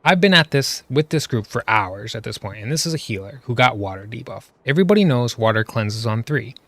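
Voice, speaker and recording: An exasperated man rants through gameplay commentary, firing off one rhetorical question after another. His voice sits at a middle pitch and is recorded dry and close, with no room sound around it. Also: expressive, fairly quick, a bit bright, no echo. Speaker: gaming video creator.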